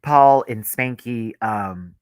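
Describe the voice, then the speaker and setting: A man's voice: medium pitch, slow pace, clear, resonant tone, no room sound, studio quality. A man giving a live, gossipy reaction review of a drag reality show, talking casually with sassy asides and frequent laughter.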